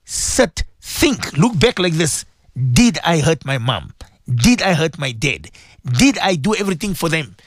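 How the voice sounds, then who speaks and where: Passionate guy on morning radio preaching, voice swings a lot, kinda raspy fry. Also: a little high, expressive, normal speed, dry recording, studio quality. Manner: fervent, repetitive, pleading with listeners. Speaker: radio presenter. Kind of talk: emotional Islamic radio talk.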